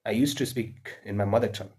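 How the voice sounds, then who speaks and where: A man's voice: on the low side, quick pace, a little mellow, husky. A man with an Indian accent giving earnest, repetitive spoken advice to English learners, with frequent fillers and restarts.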